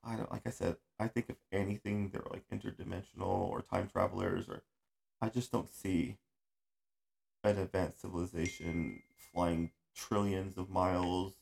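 A man's voice: low-pitched, fairly even intonation, moderate pace, creaky, a little mellow. A man hosting a casual podcast chat, rambling and swearing freely, with frequent laughs. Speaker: podcast host. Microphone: audio-only podcast recording.

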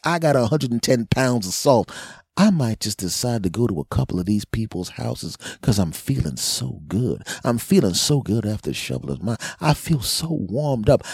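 Husky brash man in his forties. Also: mid-range voice, darkish tone, dry recording, studio quality. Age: 40s. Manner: brash, profane, mock-threatening. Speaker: podcast host. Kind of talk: comedic rant monologue.

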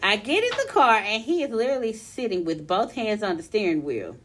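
Animated young woman reading a story aloud. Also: mid-range voice, brisk, slight background noise. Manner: animated storytelling, breaks into laughter often. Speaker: podcast co-host reading a listener's story. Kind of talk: casual podcast chat, reading a letter aloud.

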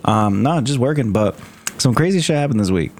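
A man's voice: mid-range voice, animated, brisk, darkish tone, a little hiss or hum. A young man co-hosting a podcast in casual chat, telling a long rambling story full of swearing. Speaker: podcast co-host.

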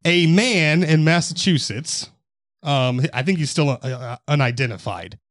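A man's voice: fairly high pitch, animated, a little slow, a bit bright, no echo, studio quality. A man co-hosting a podcast, telling a news story casually with rambling, profane asides. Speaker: podcast co-host.

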